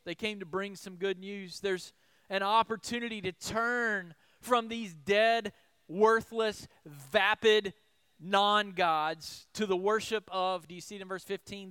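High, animated preacher man. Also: smooth, dry recording. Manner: animated, rhetorical questions, shifts between loud emphasis and soft asides. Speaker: pastor. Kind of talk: sermon.

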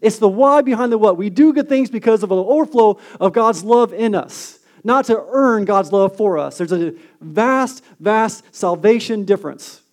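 A man preaching a sermon as a pastor, earnest and emphatic, dropping to a hushed tone on key lines. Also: high-pitched, moderate pace, hardly any pauses.

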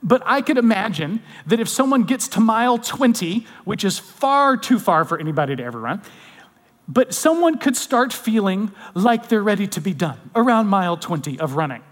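A man preaching a conversational sermon, often dropping to soft, intimate tones. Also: high-pitched, very animated, normal speed, in a large hall. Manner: conversational, drops to soft intimate tones when quoting comfort. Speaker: pastor.

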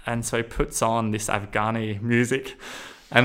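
A man's voice: medium pitch, little pitch movement, moderate pace, a bit bright. A young man casually recounting a personal experience in a candid, rambling way, with many fillers and some swearing.

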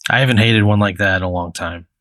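A man in casual podcast chat, answering in a deadpan, grumbling way. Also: lowish voice, fast, dry recording.

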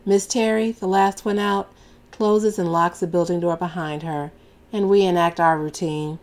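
Female audiobook narrator; wry, exasperated, lower register. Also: fairly even intonation, normal speed, darkish tone. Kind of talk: first-person audiobook narration.

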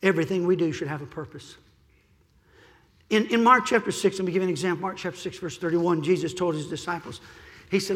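A male pastor preaching a sermon, building from quiet pleading to loud shouting and repeating his key phrases. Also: high-pitched, fast, long reverb tail. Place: church sanctuary.

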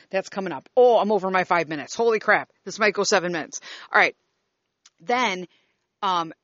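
A woman in her fifties venting in a rambling, foul-mouthed rant, her voice sitting a little low. The recording is dry and close, with a dull, lo-fi sound. She trips over herself and restarts often. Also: fairly bright tone, dry recording. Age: 50s. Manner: exasperated, profane, rambling with restarts. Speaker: vlogger. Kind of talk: casual rant to camera.

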